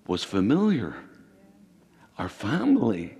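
A man preaching a sermon as pastor, with sudden emphatic rises and quick bursts. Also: lowish voice, wildly swooping pitch, dark tone, slightly rough. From Ireland. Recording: hall reverb.

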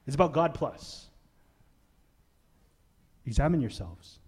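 A pastor preaching a conversational, emphatic sermon in church, asking the congregation questions. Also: male voice, medium pitch, very animated, takes it slowly, darkish tone, breathy edge.

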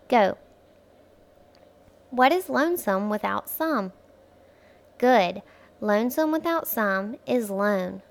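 A woman hosting a phonics lesson for young children, speaking clearly and patiently, stretching words out syllable by syllable and encouraging the listener. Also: on the high side. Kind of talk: slow, clear instructional speech for young children.

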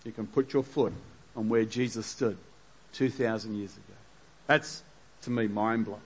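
A man's voice: fairly low pitch, steady tone, normal speed, breathy edge. A male preacher reading scripture in a sermon, breaking off for chatty asides and small chuckles.

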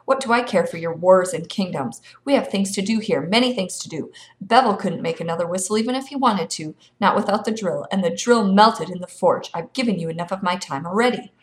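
A woman's voice: mid-range voice, brisk, lightly acted. A woman reading the part of a weary, dismissive small male creature who lives in a mine.

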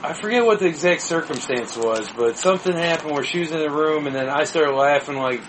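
A man's voice: a little high, a little fast, background noise. A man who is a regular on a podcast, chatting casually, crude and boastful. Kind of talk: casual chat.

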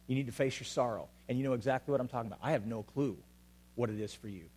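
A man preaching a sermon as pastor to a congregation, swinging between loud urgent calls and quiet, intimate asides. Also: mid-range voice, very fast, husky. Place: church hall with an audience.

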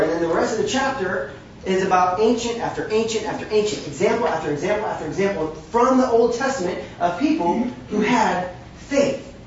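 This is a sermon given in an emphatic, conversational style, peppered with wry asides, by a preacher of medium pitch. Slight background noise sits under it, and because he was captured at a distance in a large room, the recording is dull, distant and heavily echoey.

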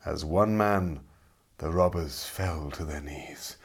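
A middle-aged man narrating a storybook in an expressive, dramatic way. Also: very deep voice, takes it slowly, husky. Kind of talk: audiobook storytelling.

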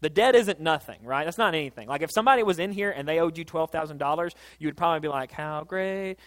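A man preaching a sermon, telling a Bible story in a casual, animated way that builds to excited peaks. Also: a little high, rapid-fire. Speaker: pastor.

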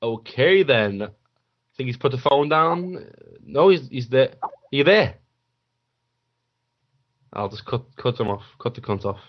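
A man's voice: mid-range voice, expressive, measured pace, pauses often, highs cut off. A man hosting a casual radio phone-in, laughing often and swearing bluntly. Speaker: host.

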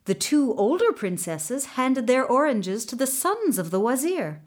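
A woman telling a folktale aloud with expressive, deliberate narration. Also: high-pitched. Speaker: storyteller. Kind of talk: folktale storytelling.

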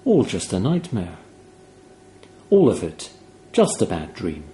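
A man reading a horror story aloud in a grave, hushed, measured way. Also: low-pitched, huge pitch swings. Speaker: narrator.

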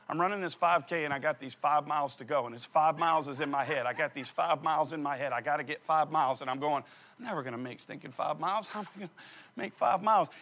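Guy preaching, telling a funny story, high bright voice, very animated. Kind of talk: storytelling sermon.

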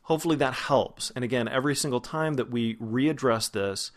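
A man who is a vocal coach, giving a pronunciation lesson and slowly demonstrating single sounds and words. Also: mid-range voice. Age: adult, past grad school.

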